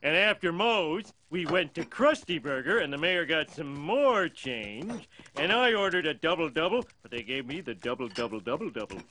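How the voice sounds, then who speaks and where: A man's voice: on the high side, expressive, normal speed, pushed and bright, slight background noise. A man voicing a bumbling, lazy, dim-witted middle-aged cartoon father. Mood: dopey. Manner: dopey, sloppy, self-satisfied.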